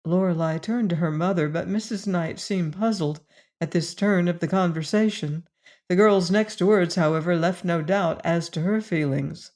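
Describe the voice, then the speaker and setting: A woman with a fairly low-pitched voice narrates an audiobook from a script, telling the story in a measured, even manner.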